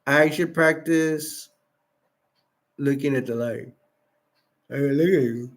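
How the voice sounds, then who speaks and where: A tired man hosts a late-night livestream, speaking slowly in a slightly high voice. He rambles casually and reads chat messages and wiki text aloud.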